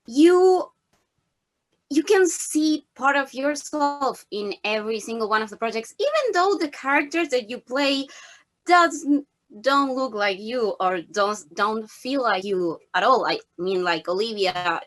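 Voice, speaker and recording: A woman with an Argentine accent, a native Spanish speaker, asking an actress questions in chatty, slightly halting English. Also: on the high side, animated, a bit bright. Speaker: film interviewer. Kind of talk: interview questions.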